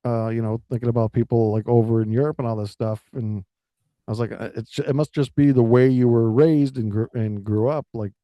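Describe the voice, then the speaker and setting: A man co-hosting a casual chat, rambling and halting with many restarts. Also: mid-range voice, fairly even intonation, no echo, dull audio. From United States. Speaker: podcast co-host. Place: Florida.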